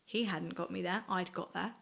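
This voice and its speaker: A woman, sharing a personal faith testimony in an earnest, reflective, halting way. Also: on the low side, fairly even intonation, gravelly, a bit bright. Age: 20s. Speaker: guest sharing her faith story.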